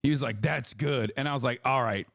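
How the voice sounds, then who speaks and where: A man's voice: mid-range voice, a little fast, creaky, no room sound, studio quality. A man hosting a livestream, telling a rambling, profane story in casual chat. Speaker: livestream host.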